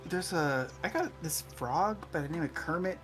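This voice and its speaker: A storyteller putting on the voice of a tired woman bank teller, weary and flat. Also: mid-range voice, normal speed, soft background music, close to an everyday voice.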